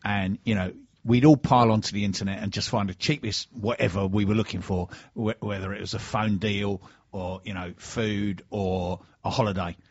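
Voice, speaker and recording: A man's voice: fairly low pitch, steady tone, normal speed, a little mellow, breathy edge, dry recording, lo-fi sound. A man hosting a radio show, chatting casually and trading jokey, teasing banter.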